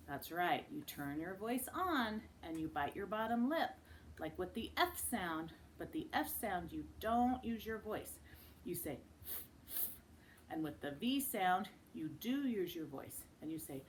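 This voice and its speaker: A woman teaching a children's phonics lesson. She models each sound slowly and with exaggeration, and breaks into sing-song chants. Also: on the low side, big pitch swings, a little hiss or hum. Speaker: speech and language teacher.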